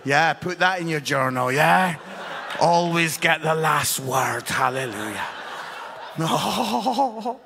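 A man preaching a lively sermon in a large church hall, animated and loud, often laughing and shouting between stories. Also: on the high side, normal speed, gravelly. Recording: long hall reverb.

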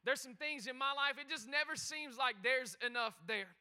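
A man preaching a lively interactive sermon, calling out to the congregation and talking quickly and chattily. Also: extremely high pitch, smooth. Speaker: pastor. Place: church sanctuary.

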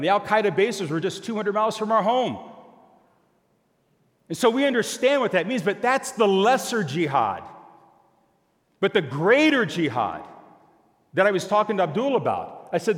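An older man preaching a sermon, telling a story and acting out both sides of a conversation in an animated way. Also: a little high. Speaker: pastor. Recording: long hall reverb.

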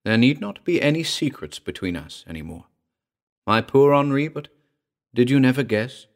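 A man's voice: mid-range voice, sing-song, moderate pace, pitched above the performer's own voice. A man voicing the ghost of a dead actress, speaking tenderly and sadly in a throbbing contralto. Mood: sorrowful. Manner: tender, mournful.

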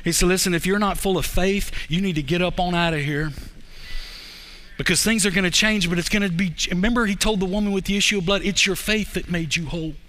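High bright-voiced male pastor preaching. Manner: conversational storytelling, swings between fast bursts and slow emphasis. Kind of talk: sermon.

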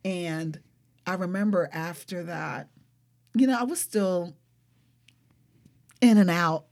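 A young adult woman speaking as an interview guest, telling a personal story in an animated, expressive way and often saying "like". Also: lowish voice. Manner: animated, expressive, frequent fillers like "like".

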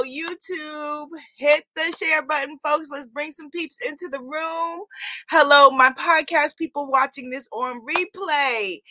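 A woman hosts a spiritual livestream in a very high-pitched voice that sounds pushed and bright. She's exuberant and affirming, reading out viewer comments and repeating phrases.

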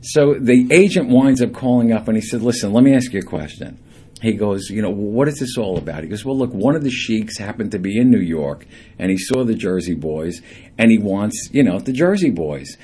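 A middle-aged man, a singer guest on a radio show, telling lively anecdotes and acting out the people in them. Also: fairly low pitch, a little fast, breathy edge.

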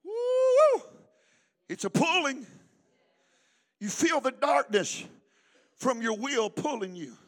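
A male pastor with a very high, bright voice preaching at a church service. His delivery is fervent and emphatic, with a lively, swooping pitch as he calls on the congregation to answer back. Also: slow pace, pauses often. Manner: fervent, emphatic preaching with call-and-response prompts. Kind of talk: sermon.

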